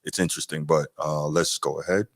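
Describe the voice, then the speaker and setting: A man's voice: very deep voice, steady tone, brisk, no room sound, clean studio sound. A male podcast host giving casual live reaction commentary, talking conversationally and reading chat comments aloud.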